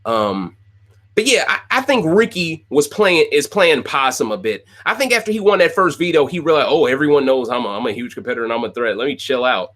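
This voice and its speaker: A man's voice: mid-range voice, big pitch swings, a little fast, a bit bright. A man hosting a casual rant-style recap show, talking straight to his viewers, opinionated and prone to repeating himself. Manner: opinionated, repeats phrases, talks to viewers directly. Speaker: podcast host recapping a reality show.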